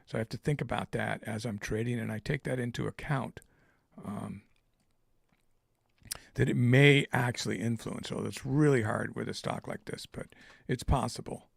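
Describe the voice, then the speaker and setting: Gravelly, husky man thinking aloud. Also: medium pitch, steady tone, no echo, studio quality. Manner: thinking aloud, halting with fillers. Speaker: trader streaming live. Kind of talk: live trading commentary.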